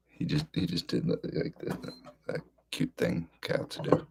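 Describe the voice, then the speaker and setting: A man's voice: low-pitched, big pitch swings, takes it slowly, gravelly, long pauses, husky. A man talking in a casual, rambling monologue, hesitant and full of filler words. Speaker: podcast host.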